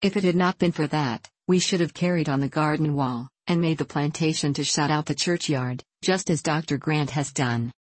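A woman's voice: deep voice, normal speed, few pauses, dry recording. A woman reading an audiobook voices a fussy, boastful older aunt who rambles on self-importantly.

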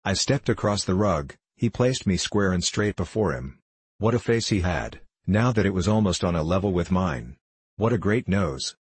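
A man narrating a classic novel in a measured, formal reading. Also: deep voice, expressive, breathy edge, no echo. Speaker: audiobook narrator.

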